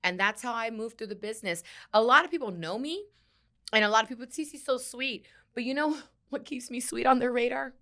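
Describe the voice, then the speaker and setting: A woman's voice: on the high side, fast talker, pushed and bright. A woman radio personality as a guest on an interview podcast, speaking candidly and emphatically. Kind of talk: casual interview chat.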